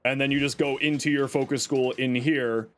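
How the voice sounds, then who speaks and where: A man's voice: mid-range voice, steady tone, normal speed. A man streaming a game live, answering chat questions and walking viewers through menus, hedging with frequent fillers. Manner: hedging, unsure of old details.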